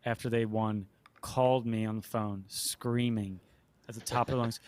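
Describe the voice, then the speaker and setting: A man from South Jersey, a musician guest, chatting in a laid-back way and telling animated stories. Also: lowish voice, moderate pace. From South Jersey and Philadelphia. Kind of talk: casual chat.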